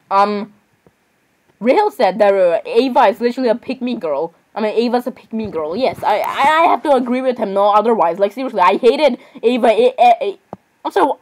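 A teenage girl reacting to videos in a casual vlog, excitable and exclamatory, jumping between loud outbursts and mumbled asides. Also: fairly high pitch. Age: teens. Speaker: reaction vlogger.

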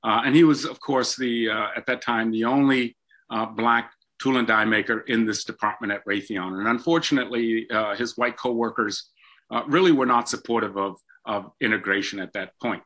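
An older man, a guest in an interview, telling stories from his life in an animated way with frequent ums. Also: medium pitch, normal speed. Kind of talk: storytelling in an interview.

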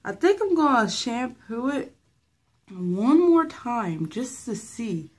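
A woman's voice: on the high side, sing-song, slow pace, a little mellow. A young woman talking casually and rambling through a hair-washing vlog. She is filming herself with a handheld phone in a bathroom at home and is a little out of breath. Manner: chatty, rambling, filler-heavy. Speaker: hair vlogger. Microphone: phone held by hand.

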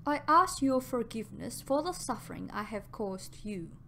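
A woman reading the part of a lovesick nobleman in an audiobook, speaking softly in a hushed farewell. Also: on the high side, big pitch swings, moderate pace, gravelly, slight background noise, full character voice. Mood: tender. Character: lovesick nobleman, grave and tender.

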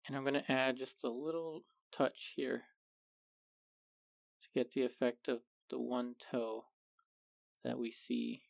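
Slow, gravelly-voiced man teaching painting. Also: mid-range voice, no echo. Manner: calm, unhurried step-by-step explaining. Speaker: art instructor. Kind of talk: painting tutorial narration.

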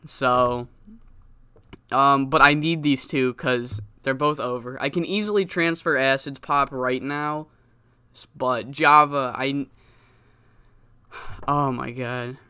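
A man's voice: medium pitch, slow pace, long pauses, bright, forceful tone, smooth, no echo. Casual, swearing let's-play commentator man. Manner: rambling, casual, frequent swearing. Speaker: game commentator.

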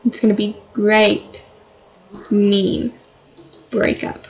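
A woman's voice: mid-range voice, flat delivery, drawn-out words, breathy edge, low-quality recording. A woman giving casual, chatty commentary while playing a life-sim game, dramatizing her characters' fights. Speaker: gameplay commentator.

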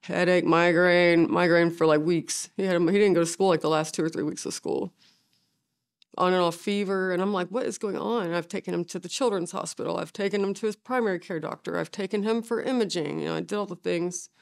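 A middle-aged woman, a bereaved mother, speaking haltingly with many fillers in a documentary interview. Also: fairly low pitch, fairly even intonation, vocal fry, smooth.

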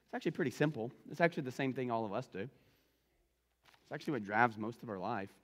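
A male pastor preaching a sermon in an animated way, repeating phrases for emphasis. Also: mid-range voice, fairly quick, in a large hall.

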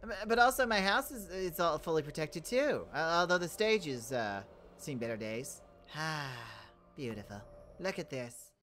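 Low-voiced, lively woman hosting a game role-play. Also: moderate pace, a little hiss or hum. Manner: animated, jumping between alarm and calm musing. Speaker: host playing a character in a game role-play series. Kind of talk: in-character role-play chat with a channel outro.

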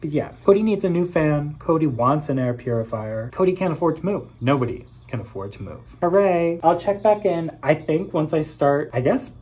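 Husky-voiced young man vlogging at home. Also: on the high side, normal speed, few pauses. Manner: chatty, animated swings from mumbling to squeals. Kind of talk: casual self-filmed vlog. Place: small apartment indoors.

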